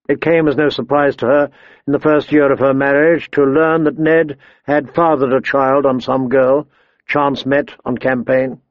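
A man reading a fantasy novel aloud in measured, steady narration, quietly voicing the characters' dialogue. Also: mid-range voice, no room sound, dull audio. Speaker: audiobook narrator.

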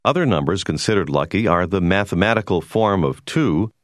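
Male course narrator, deep and expressive, measured explanatory read, dry booth. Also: no room sound. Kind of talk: scripted educational narration.

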